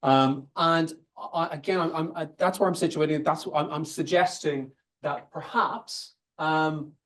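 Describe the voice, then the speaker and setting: This invited academic speaker's voice is a little high and a bit bright, with a steady tone and a measured pace. He delivers a seminar lecture loosely tied to his slides in a conversational way, working through ideas aloud and restarting phrases along the way.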